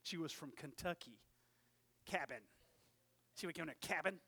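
A man in his forties preaching a sermon, telling a story animatedly and swinging from hushed asides to shouted lines, with calls of "Amen?". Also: a little high, moderate pace, gravelly, pauses often, slightly rough.

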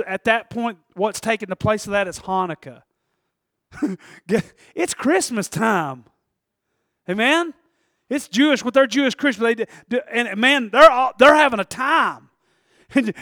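High-voiced man preaching a lively sermon. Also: moderate pace, no echo, studio quality. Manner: animated and conversational, laughs often, rises to shouting peaks. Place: church.

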